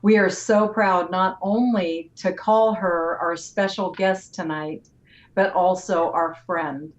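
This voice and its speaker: A woman's voice: fairly low pitch, fairly even intonation, takes it slowly. A woman hosting a talk show, reading an admiring introduction of her guest. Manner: effusive, admiring. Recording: dull lo-fi audio.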